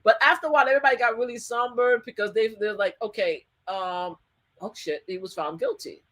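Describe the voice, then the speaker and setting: A woman guest, a survivor advocate, tells a story in an animated interview. She laughs often and acts out what people said. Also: a little high, a little fast.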